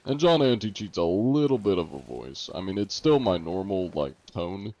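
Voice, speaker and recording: A man's voice: low voice, big pitch swings, moderate pace, darkish tone, muffled recording. A man streaming a game and chatting casually with viewers, laid-back and sarcastic. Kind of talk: casual gameplay chat with viewers.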